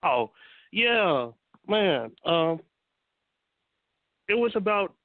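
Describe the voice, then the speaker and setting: A man's voice: high-pitched, very animated, very slow, no room sound. A man calling in to a radio show, steadily telling a story and quoting what others said. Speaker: caller. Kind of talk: telling a story over the phone. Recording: phone line.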